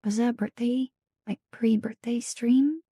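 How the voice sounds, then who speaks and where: A young woman hosting a live stream in whispered role-play, talking softly and affectionately, often dropping into a whisper. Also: a little high, steady tone, a little slow, breathy edge, no room sound, clean studio sound. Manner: soft, affectionate, alternating whisper and quiet voice. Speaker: streamer host.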